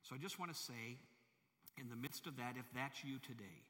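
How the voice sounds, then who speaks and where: A man's voice: mid-range voice, moderate pace, sharp tone. A male pastor preaching a sermon in a large church, emphatic and full of rhetorical questions to the congregation. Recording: long hall reverb.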